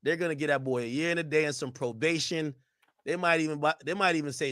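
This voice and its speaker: Bright, joking man on a livestream. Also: fairly high pitch, fast talker. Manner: laid-back, joking. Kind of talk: casual livestream commentary.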